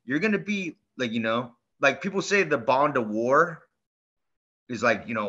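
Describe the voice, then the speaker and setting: A man co-hosting a podcast in casual chat, telling stories in a rambling, animated way full of fillers and restarts. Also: medium pitch, normal speed. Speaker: podcast co-host. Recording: dull lo-fi sound.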